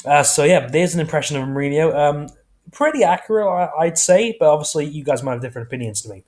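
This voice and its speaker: A man's voice: a little high, lively intonation, fast, darkish tone. Rambling casual male vlogger. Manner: rambling, self-correcting, casual. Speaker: YouTube host. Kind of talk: casual vlog chat.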